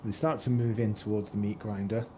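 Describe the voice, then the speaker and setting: A man's voice: lowish voice, level tone, fairly quick. A man narrating as game master in a loose, rambling way, with lots of fillers. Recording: noisy background hiss.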